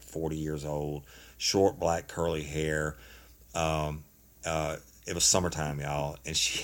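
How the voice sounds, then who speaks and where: A former police officer with a drawl spins a story in a relaxed, folksy way. His voice sits fairly low, and he keeps things animated with laughter throughout. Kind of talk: casual storytelling chat.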